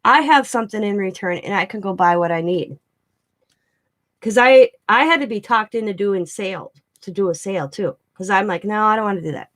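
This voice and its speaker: A woman's voice: mid-range voice, fairly quick, a bit bright. A middle-aged woman chatting casually to her viewers, rambling and laughing often as she tells stories. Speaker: craft vlogger. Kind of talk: casual storytelling chat.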